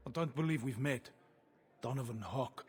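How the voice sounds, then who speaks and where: A man's voice: medium pitch, moderate pace, soft background music, lightly acted. An actor with a South African accent playing a cool, condescending male arms smuggler who hosts a party. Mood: suave. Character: smooth, menacing male arms smuggler villain host.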